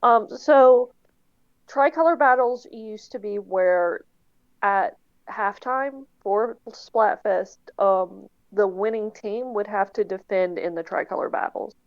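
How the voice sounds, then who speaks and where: A woman co-hosting a podcast in casual chat, explaining things at length in a relaxed, self-deprecating way. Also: medium pitch, slow, no echo, lo-fi sound. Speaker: podcast co-host.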